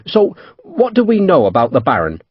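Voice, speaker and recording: A man voicing a brisk, eager naval captain with a Devon accent in an audiobook, urgent and commanding. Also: fairly high pitch, wildly swooping pitch, slightly rough, no room sound, muffled recording, exaggerated voice. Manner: urgent, commanding, brushes others aside. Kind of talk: audiobook character voice.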